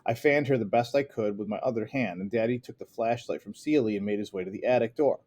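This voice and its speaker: Male audiobook narrator, low register, earnest first-person reading. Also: fast, darkish tone.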